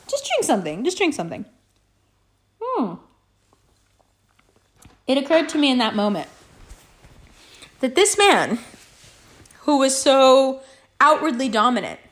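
A young woman telling a story to her viewers in a casual, profane monologue, acting out both sides of an argument. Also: high voice. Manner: profane, animated, acts out both sides of a quarrel.

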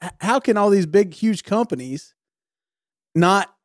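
A man in a casual conversation reacts with incredulous sympathy, speaking in a somewhat higher voice. The sound is dry and close, with no room echo. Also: expressive, unhurried. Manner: sympathetic listener, short agreeing responses. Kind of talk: casual chat.

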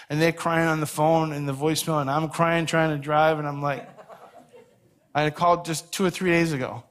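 A man's voice: a little high, steady tone, quick pace, a bit bright. A man preaching a sermon as pastor, earnest and conversational, telling stories on himself with a self-deprecating touch.

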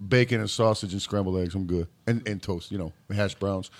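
A man's voice: low voice, fairly quick. A man co-hosting a podcast in casual chat, telling rambling stories with frequent laughs and swearing. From Michigan, US. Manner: rambling, laughing, profane storytelling. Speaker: podcast co-host.

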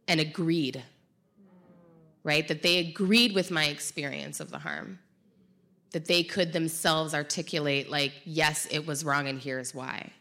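Woman with a low voice, reflective, pauses to find words. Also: sharp tone. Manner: thoughtful, searching for words. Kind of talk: reflective conversation.

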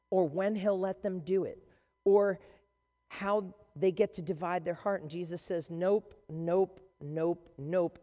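A pastor delivers an animated, emphatic sermon, retelling scenes with punchy emphasis. The voice carries a long hall reverb that marks a large church space. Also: mid-range voice.

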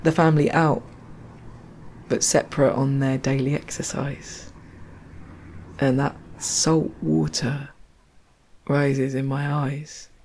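A female storyteller walks outdoors along a canal, sharing reflective, poetic spoken-word stories with wry asides. Her voice rumbles low in a level, slightly mellow tone, slow and full of pauses.

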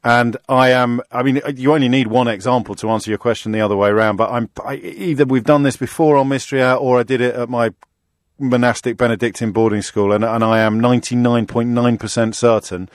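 A man hosting a radio phone-in show with a British accent, talking quickly with a wry, teasing manner and frequent restarts. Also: mid-range voice, steady tone, no echo, clean studio sound. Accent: British English. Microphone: studio microphone.

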